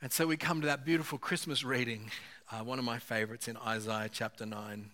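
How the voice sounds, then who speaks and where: A man's voice: mid-range voice, steady tone, fairly quick, bright, forceful tone. A man, a pastor, giving an earnest, conversational sermon with occasional fillers.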